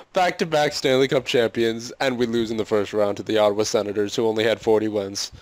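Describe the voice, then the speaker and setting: A man's voice: lowish voice, dry recording. A man doing let's-play commentary on a hockey video game, exasperated and pleading with his team, often laughing and sighing. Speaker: gaming commentator.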